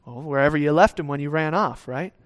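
A man delivers a sermon in a relaxed, conversational manner and voices small imagined dialogues. His voice sits fairly high for a man. He often tosses in quick checks with the listeners. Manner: conversational preaching, acts out God's lines; tag questions, some restarts. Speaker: pastor.

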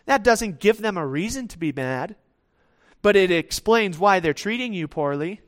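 A man's voice: high voice, lively intonation, moderate pace. A man preaching a sermon in a conversational way, acting out the voices of people he quotes.

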